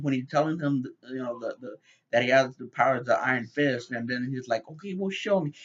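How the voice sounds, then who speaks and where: A man's voice: mid-range voice, a bit bright, lo-fi sound. A man giving a casual, rambling review, with lots of fillers and repeated words. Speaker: TV show reviewer.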